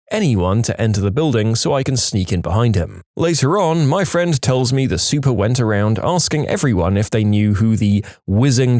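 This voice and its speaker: A man reading reddit stories aloud, telling them in a lively way and putting on voices for the quoted people. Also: mid-range voice, no echo, clean studio sound. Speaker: story narrator.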